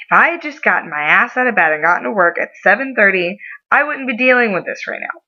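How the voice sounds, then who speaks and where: A young adult woman telling a story in a casual vlog, animated and given to over-the-top dramatizing. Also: mid-range voice, fast talker. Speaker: vlogger. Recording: slightly muffled lo-fi audio.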